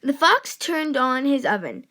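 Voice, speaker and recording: A woman reads a children's storybook aloud in a high, light voice. She takes her time, unhurried and gentle, and gives each line expression. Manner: slow, gentle and expressive, voicing characters. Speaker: children's book reader. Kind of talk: read-aloud storybook narration.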